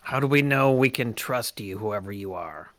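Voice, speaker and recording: A man's voice: mid-range voice, lively intonation, normal speed, a bit bright. Hesitant man playing a tabletop game. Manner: hesitant, filler-heavy talk. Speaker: player.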